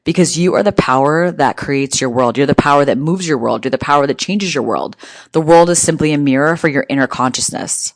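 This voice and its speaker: A woman's voice: deep voice, a little fast, no room sound. Brief: a blunt, cursing woman speaker giving a pep talk in rhythmic, punchy lines, recorded dry and close. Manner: blunt, profane, emphatic; rhythmic, near-rhyming phrasing. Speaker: motivational speaker. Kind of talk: motivational monologue.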